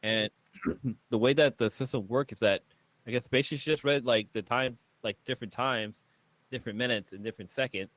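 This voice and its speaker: A man sharing facts in a casual livestream chat, wry and quick to chuckle. His voice sits in a middle range, recorded close and dry. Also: mid-range voice, fairly bright tone, no echo.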